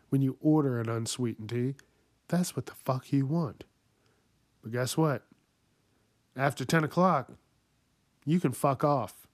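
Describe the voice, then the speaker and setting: A man's voice: medium pitch, no echo, clean studio sound. A man hosting a podcast, going off in a profane comedic rant, swearing constantly and laughing at his own jokes. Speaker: podcast host.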